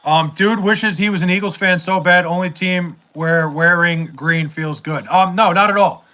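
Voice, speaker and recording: Bright-voiced young man rambling casually. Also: high voice, fairly even intonation, normal speed. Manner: rambling, profane, with many fillers and restarts. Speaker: livestream host reading chat. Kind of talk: casual livestream chat.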